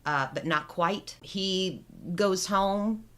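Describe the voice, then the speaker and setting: A woman co-hosting a podcast, casually retelling a film plot as an animated storyteller. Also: medium pitch, very slow, smooth. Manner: animated storyteller, laughs often. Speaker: podcast co-host.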